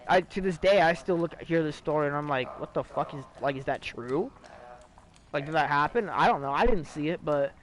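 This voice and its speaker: A man's voice: fairly high pitch, brisk, rough recording. A young man with a slightly raised voice chats casually to his stream audience. He rambles through a ghost story with restarts, fillers and plenty of swearing, in a loose, offhand way.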